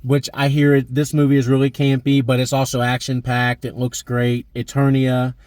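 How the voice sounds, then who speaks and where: A man's voice: mid-range voice, monotone, moderate pace, darkish tone, dry recording, clean studio sound. A man in his thirties chatting enthusiastically about a movie as a vlog host, with plenty of fillers. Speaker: movie review vlogger. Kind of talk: casual chat.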